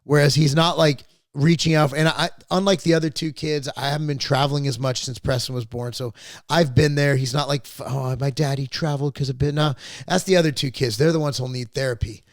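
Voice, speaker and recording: A man's voice: on the high side, fairly even intonation, fairly quick, no echo. A middle-aged man hosting a podcast, telling family stories in a rambling, profane, casual way. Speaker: podcast host. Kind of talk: casual chat.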